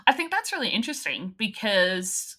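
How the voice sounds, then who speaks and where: A woman's voice: medium pitch, big pitch swings, moderate pace, sharp tone. A woman co-hosting a podcast, chatting with eager reactions. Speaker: podcast co-host. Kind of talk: casual chat.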